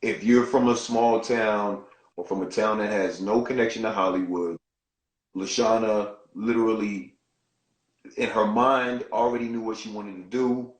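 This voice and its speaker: A man's voice: lowish voice, fairly even intonation, measured pace, reverberant. A man hosting an interview, enthusiastically summing up for his viewers with frequent fillers. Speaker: host, CEO. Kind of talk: interview host.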